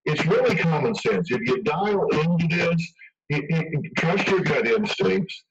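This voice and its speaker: A man's voice: on the high side, expressive, measured pace. Man on a distant, dull radio clip. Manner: emphatic, conversational, acts out quotes. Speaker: radio guest expert. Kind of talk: radio interview. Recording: dull radio broadcast from far off.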